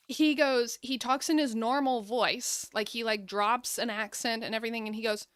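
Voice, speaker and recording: A woman's voice: a little high, moderate pace, a bit bright, dry recording, soft background music. A young woman hosting a casual gameplay video, playful and giggly, reading game dialogue aloud. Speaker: gaming video host.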